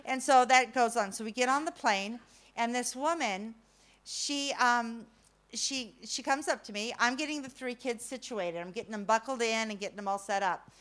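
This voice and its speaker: A middle-aged woman with a slightly high voice spins a comic personal story for a crowd. She is animated and self-mocking, jumping from loud punchlines to hushed asides. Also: normal speed. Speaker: speaker telling a story to an audience.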